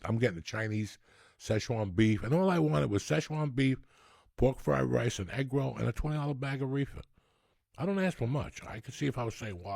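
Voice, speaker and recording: In clean studio sound without room echo, a man in his 60s speaks on the low side, his voice creaky and husky. As podcast host he rambles through profane, animated comic stories in a comedy rant.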